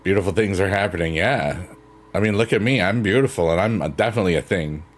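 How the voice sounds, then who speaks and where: A man's voice: low voice, fast talker. A man casually chatting with his stream viewers, rambling and laid-back, laughing at himself. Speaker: livestreamer. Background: soft piano music.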